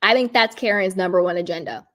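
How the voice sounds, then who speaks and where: A woman's voice: mid-range voice, fast talker, a bit bright. A woman giving casual, emphatic commentary on a reality show, full of "like" and "you know".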